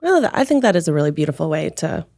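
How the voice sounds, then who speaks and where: Woman co-host, gravelly, gentle and measured, dry sound. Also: low voice, big pitch swings, no room sound. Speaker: podcast co-host. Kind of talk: casual chat.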